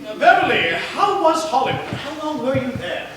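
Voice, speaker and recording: A man's voice: extremely high pitch, sing-song, normal speed. A man acting a cranky, domineering celebrity critic in a live stage play, bossy and imperious. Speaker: stage actor. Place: theater stage. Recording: distant, echoey and noisy theater recording.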